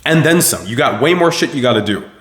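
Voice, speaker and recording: Young male host, profane motivational rant, mid-pitched voice, roomy echo. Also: expressive, fast talker. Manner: blunt, swearing, preachy and forceful. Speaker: self-improvement video host.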